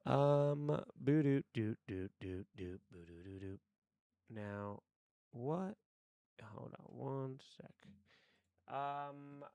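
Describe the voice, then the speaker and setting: A man's voice: mid-range voice, clean tone, no echo. A man chatting casually on a live stream, rambling to his chat while adjusting his microphone settings. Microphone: desk microphone.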